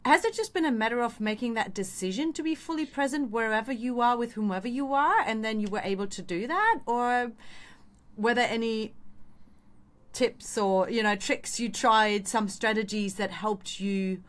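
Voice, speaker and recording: A woman's voice: a little high, moderate pace. Woman podcast host asking long questions. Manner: affirming, asks long framed questions.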